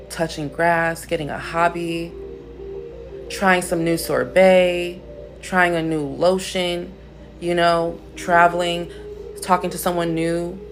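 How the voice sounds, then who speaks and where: A woman hosts a casual spiritual livestream. She teaches bluntly and playfully and swears freely. Faint music plays behind her. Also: on the low side. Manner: blunt, profane, playful, laughs often.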